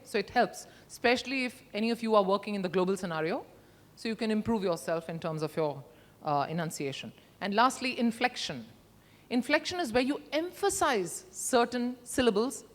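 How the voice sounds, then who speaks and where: A middle-aged woman leads an interactive workshop talk, leaning hard on certain words and shaping her voice to show what she means. Her voice rings out through a large conference hall with a long reverb. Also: on the high side. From India. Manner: expressive, emphatic, demonstrates with her voice. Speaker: conference speaker.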